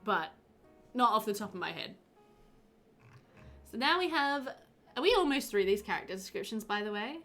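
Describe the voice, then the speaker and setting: A woman's voice: mid-range voice, sing-song, moderate pace, long pauses, bright, forceful tone, faint music behind. A woman streaming a game, chatting casually and giggling with her viewers. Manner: giggly, chatty, talks to chat.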